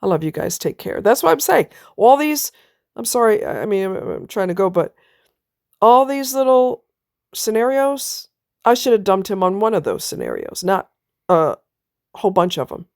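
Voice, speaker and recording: A woman's voice: mid-range voice, very animated, moderate pace, creaky, a little mellow, dry recording, clean studio sound. A woman vlogger telling a personal story in a blunt, emphatic way, now and then swearing. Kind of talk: casual personal monologue.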